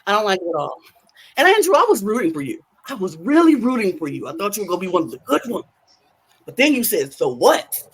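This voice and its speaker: A woman's voice: medium pitch, very animated, quick pace, husky. A woman co-hosting a podcast, with a sassy, dramatic ranting delivery. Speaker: co-host. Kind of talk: casual podcast chat.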